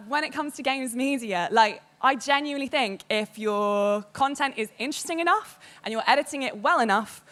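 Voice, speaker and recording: A woman giving a candid, animated public talk to an audience about working in games media. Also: a little high. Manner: animated and candid, quotes others in lively voices.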